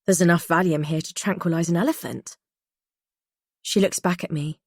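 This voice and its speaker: A woman reading a first-person thriller audiobook in a tense, measured way. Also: lowish voice, fairly even intonation, no echo, clean studio sound. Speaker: audiobook narrator.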